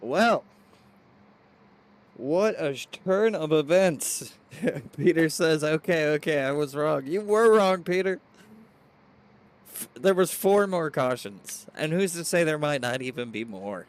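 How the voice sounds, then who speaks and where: A man doing excitable play-by-play race commentary with hiccups, reading viewer chat aloud. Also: on the high side, slow pace, pauses often.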